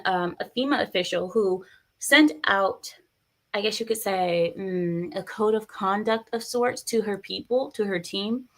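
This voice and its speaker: A woman doing casual live-stream commentary, chatty and opinionated, reading viewer comments aloud. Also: medium pitch.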